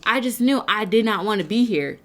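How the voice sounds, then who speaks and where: A woman's voice: medium pitch, animated, brisk, heavy background noise. A woman giving an earnest, faith-based motivational talk to camera, speaking to her viewers like a preacher and piling up rhetorical questions. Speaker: motivational speaker and nonprofit founder.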